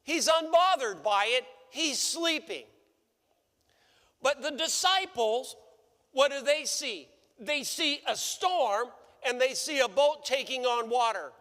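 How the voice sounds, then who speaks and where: A male pastor with a strikingly high, bright voice preaches slowly and deliberately, leaning on rhetorical questions. His words ring out with the long reverb of a church hall. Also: lively intonation. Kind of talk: sermon. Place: church sanctuary.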